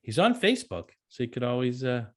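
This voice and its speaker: A man's voice: mid-range voice, big pitch swings, brisk. A man who is an author and beekeeper, a guest in a casual interview, easygoing, telling anecdotes and laughing often.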